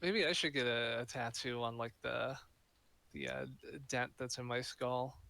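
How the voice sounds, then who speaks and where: A man's voice: medium pitch, steady tone, a little slow, vocal fry, pushed and bright, slight background noise. A man chatting casually on a stream, joking and rambling with lots of filler words. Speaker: streamer co-host. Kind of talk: casual chat. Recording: music playing behind.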